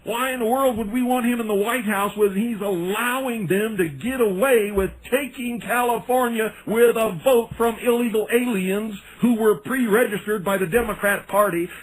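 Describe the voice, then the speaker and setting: A man's voice: high-pitched, moderate pace, few pauses, rough recording. A man hosting a radio talk show, delivering an indignant, sarcastic monologue. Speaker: radio host.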